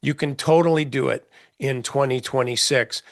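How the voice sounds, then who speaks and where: A man's voice: medium pitch, fairly even intonation, normal speed, no echo, clean studio sound. A middle-aged man, a trading mentor, giving blunt, folksy market commentary in a casual session, with many fillers and restarts.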